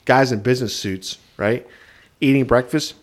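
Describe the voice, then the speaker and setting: A man's voice: medium pitch, normal speed. Laughing, storytelling podcast guy. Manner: animated storyteller who laughs mid-sentence. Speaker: podcast co-host. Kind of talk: casual chat.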